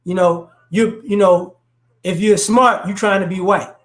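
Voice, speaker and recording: A man's voice: sits high, steady tone, a little slow. A man from New Orleans with a faint New Orleans accent, mixed with Chicago and DC area speech, giving his opinions in a loose, casual chat full of restarts. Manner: loose, conversational, frequent restarts and "you know".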